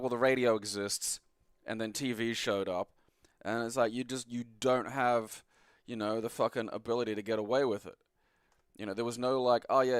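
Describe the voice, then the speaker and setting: An Australian man at an ordinary middle pitch gives loose, rambling gameplay commentary, full of swearing and sarcastic asides. He sits close to the mic in a dead, dry space with no room sound. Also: smooth, no echo. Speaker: retro game reviewer.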